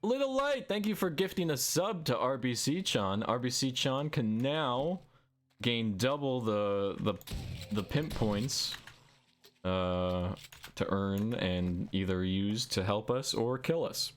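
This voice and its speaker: In a mid-range voice at a slow pace, this man streams a survival game live, bantering playfully and with excitement while making silly noises as sound effects.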